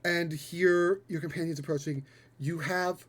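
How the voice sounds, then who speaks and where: High-pitched guy gm-ing a tabletop game, slow unhurried narration, lots of ums. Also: fairly even intonation. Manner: descriptive, halting with fillers and swears. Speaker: game master.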